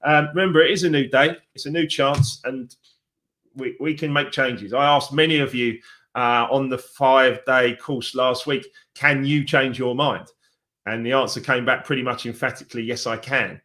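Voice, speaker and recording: A man in his forties hosts a live motivational stream as a success coach. He talks in a chatty, encouraging way, warm in intent and loose in delivery, with lots of fillers. His pitch sits in an ordinary middle range for a man. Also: steady tone, moderate pace.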